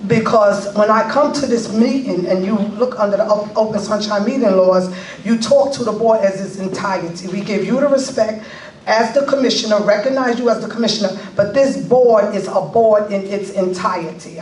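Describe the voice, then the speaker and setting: A woman's voice: mid-range voice, normal speed, darkish tone. A woman speaks in a middling voice, firm and pointed as she questions the board. She is far from the mic, and the meeting room echoes around her over a faint hiss. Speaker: community member addressing the board. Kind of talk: public comment at a board meeting. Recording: echoey room, picked up from afar.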